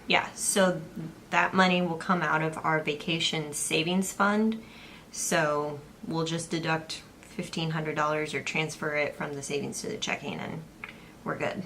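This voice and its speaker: A woman's voice: low-pitched, fairly even intonation, measured pace, a bit bright, slight background noise. Chatty young woman talking through a budget. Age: young adult. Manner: chatty, walks through budget figures step by step. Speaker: personal finance vlogger, co-host. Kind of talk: casual chat.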